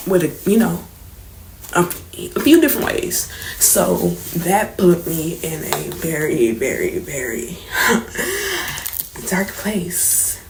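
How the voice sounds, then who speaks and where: A woman's voice: on the low side, vocal fry, a little mellow. Candid young woman telling her story. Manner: candid, slangy, swearing, emotional. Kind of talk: casual storytime vlog. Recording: roomy echo, faint background noise.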